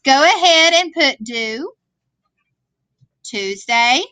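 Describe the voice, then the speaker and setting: High bright-voiced woman teaching a class. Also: expressive, drawn-out words, dry recording. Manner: patient, checks in with "okay?". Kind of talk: classroom worksheet lesson. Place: classroom screen recording.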